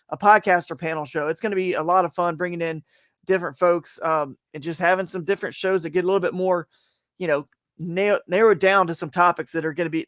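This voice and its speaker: A talkative man with a fairly high voice co-hosts a live stream, rambling through his points with quick restarts. His voice is recorded close and dry. He keeps an easy, casual chat going. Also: a bit bright, dry recording. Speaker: co-host of a kayak fishing live show.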